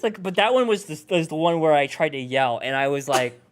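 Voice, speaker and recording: A man's voice: a little high, lively intonation, brisk. A man hosting a casual livestream commentary, chatty and self-deprecating. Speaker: host.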